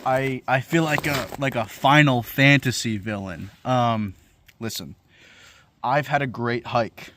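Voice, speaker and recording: A man's voice: medium pitch, a little slow, fairly bright tone, no echo. A young man talking to camera in a profane, incredulous comedic rant, swearing freely as he riffs. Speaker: vlogger.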